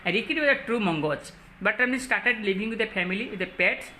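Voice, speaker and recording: A woman teacher with an Odia English accent, explaining a story and listing word meanings in a halting way with many fillers. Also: mid-range voice, lively intonation, sharp tone, slight background noise. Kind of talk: classroom lesson explaining a story.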